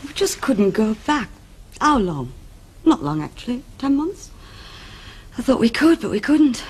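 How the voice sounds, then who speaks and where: A quiet, subdued young woman in a soap opera. Her voice moves through a lively range even as she speaks softly. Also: on the high side, unhurried, slightly rough, exaggerated voice.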